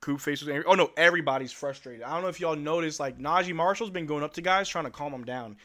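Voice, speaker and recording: A man's voice: a little high, fast, a bit bright. A male live-stream host giving casual fan play-by-play commentary in a blunt, exasperated, slangy way.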